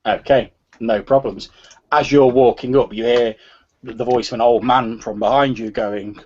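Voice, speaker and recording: Soft-spoken man as game master. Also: medium pitch, moderate pace. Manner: soft-spoken, relaxed narration with fillers. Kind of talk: narrating a tabletop game. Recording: slightly muffled recording.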